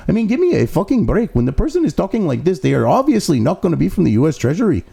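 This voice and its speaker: Gravelly-voiced male commentary host, profane and sarcastic, pitch swinging wildly between read-outs and rants. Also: big pitch swings, quick pace, warm tone. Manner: mocking asides between read-out passages. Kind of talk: ranting news commentary, reading article excerpts.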